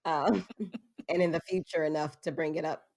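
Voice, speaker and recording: A young woman with a slightly low voice hosts a spooky-story podcast. She chats casually and pokes fun at herself. She keeps breaking into giggles between facts. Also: fairly even intonation, moderate pace, gravelly, a little mellow. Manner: giggly and self-deprecating, laughs often mid-sentence. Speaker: podcast host.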